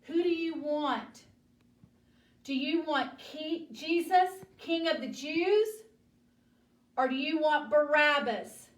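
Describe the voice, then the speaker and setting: A woman's voice: sits high, expressive, brisk, hardly any pauses, darkish tone, voice pushed up. A woman doing an exasperated Roman governor. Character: Roman governor, middle-aged man, exasperated. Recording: echoey room from far off.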